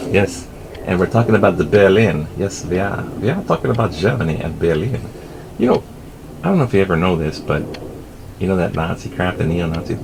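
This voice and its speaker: A middle-aged man with a low, gravelly voice and a lively, swinging delivery rambles through the news in an offhand, self-amused way. He swears casually and drifts from topic to topic. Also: background noise. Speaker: vlogger reading the news.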